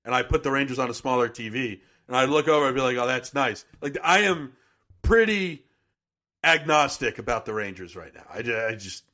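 A man's voice: mid-range voice, animated, brisk, bright, forceful tone. A man co-hosting a sports podcast, talking in a ranting, sarcastic, profane way. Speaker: podcast co-host. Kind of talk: casual sports chat.

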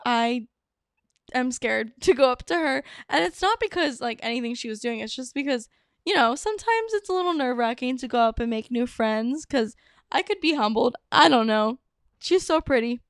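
A woman's voice: high voice, expressive, a little fast, smooth, no echo, studio quality. A young woman in her twenties hosting a solo podcast, chatty and bubbly, with lots of casual fillers. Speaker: podcast host.

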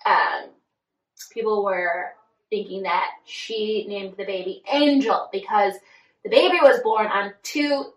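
A woman's voice: medium pitch, bright, forceful tone. A woman co-hosting a podcast, chatting casually about celebrity gossip and filling her talk with "like". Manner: chatty, many "like" fillers. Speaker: podcast co-host. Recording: echoey room, far from mic.

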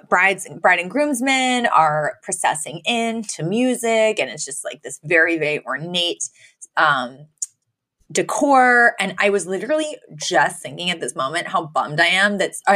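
A woman co-hosting a podcast, retelling a sitcom episode in casual chat, acting out the characters' lines and laughing often. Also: on the low side. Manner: animated storyteller, acts out quotes, laughs often. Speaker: podcast co-host.

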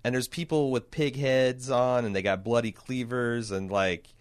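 In a relaxed podcast conversation, this co-host wanders along with many fillers and restarts. He has a mid-range, steady voice with a clean tone and talks at an ordinary pace.

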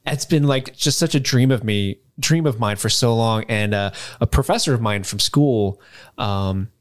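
A man co-hosting a podcast, chatting casually and reading listener emails aloud in a lively way. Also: on the low side, normal speed. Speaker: podcast co-host.

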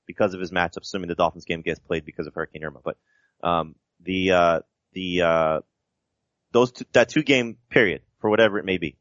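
Lowish voice guy breaking down stats, long winding explanations, kinda dull lo-fi mic. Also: fairly bright tone, no room sound. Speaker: podcast co-host. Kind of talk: casual sports podcast chat.

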